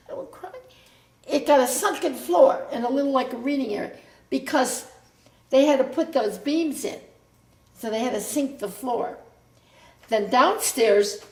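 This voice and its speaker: An older woman with a high voice tells family stories to her grown child in a loose, meandering way, circling back and correcting herself as she goes. The sound is roomy and echoey, as if recorded in an open room at home. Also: a little mellow. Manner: rambling, self-interrupting storyteller. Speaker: mother recounting family history. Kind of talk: casual family reminiscence.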